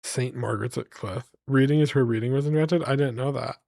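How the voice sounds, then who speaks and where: A man's voice: mid-range voice, a little fast, gravelly, darkish tone, dry recording, studio quality. A man streaming live, rambling playfully to his chat as he reads place names aloud.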